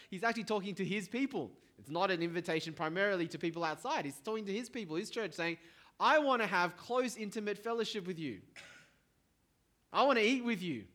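A middle-aged man preaching a sermon as pastor, in a conversational, lively way with asides to the congregation. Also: fairly high pitch.

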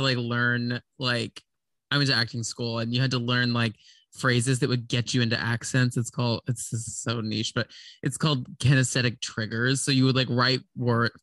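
A man chatting casually as a podcast guest, animated and laughing often. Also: mid-range voice, moderate pace, dry recording. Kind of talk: casual chat.

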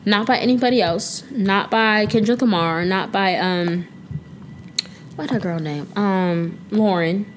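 With a medium-pitched voice and a somewhat slow delivery, a young woman runs a laid-back podcast on her own. She banters playfully, uses slang, and sometimes breaks into singing. A faint hiss or hum can be heard.

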